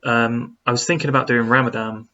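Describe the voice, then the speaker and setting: A man's voice: medium pitch, steady tone, fairly quick, pushed and bright, lo-fi sound. A man who speaks, casually answering viewer questions on a live stream, rambling with lots of fillers as he reads the chat.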